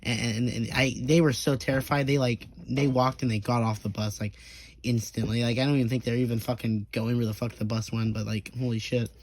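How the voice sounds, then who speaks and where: Speaking a little fast, this young man has a mid-range voice and a flat delivery. He rambles through a profane story in a casual storytime style, stumbling and restarting constantly, and slips into short bursts of acting whenever he quotes someone.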